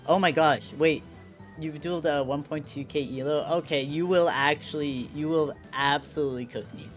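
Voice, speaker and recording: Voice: mid-range voice, fairly even intonation, moderate pace, soft background music. A young adult streamer chatting casually with viewers in a slangy, self-mocking way. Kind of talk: casual live-stream chat.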